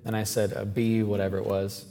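A man who is a Catholic priest, telling a story in a lively, chatty sermon with asides to the congregation. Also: on the low side, fairly quick, long reverb tail.

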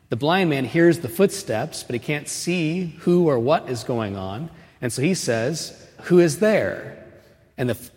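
Man preaching a chatty homily in reverb. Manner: chatty storytelling, frequent "right?" asides; grows louder and higher when stressing a point. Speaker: homilist at Mass. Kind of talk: conversational sermon. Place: church. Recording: long reverb of a church.

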